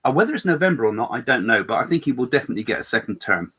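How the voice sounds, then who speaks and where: A man's voice: mid-range voice, very animated, rapid-fire, fairly bright tone, breathy edge. An older man co-hosting a live chat, talking in a rambling way with many fillers and restarts, with a slight cough. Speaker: co-host medium.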